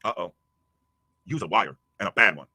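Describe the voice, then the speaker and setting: A man shouting a profane, angry livestream rant, hurling insults at a rival. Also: low voice, expressive, normal speed, gravelly, husky, dry recording. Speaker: YouTube streamer.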